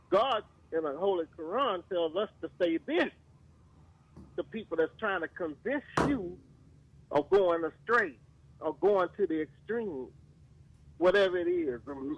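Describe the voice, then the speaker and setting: A man's voice: sits high, gravelly, breathy edge, poor audio. A man from Louisiana, speaking as a radio show caller in fervent, preacherly commentary and drawing out words for emphasis. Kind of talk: impassioned talk radio commentary.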